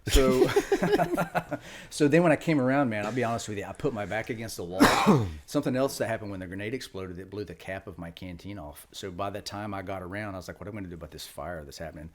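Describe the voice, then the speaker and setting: A little hiss or hum underlies the recording of a middle-aged man, a retired Marine on a podcast, sharing stories in a casual interview. His lowish voice is very animated and brisk, and his matter-of-fact, loose telling includes fillers and restarts.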